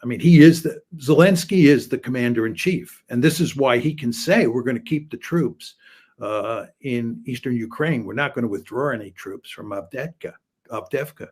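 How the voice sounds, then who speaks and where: An older man, a political science professor, answering interview questions in a measured, explanatory way with frequent filler pauses. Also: medium pitch, a little mellow, breathy edge.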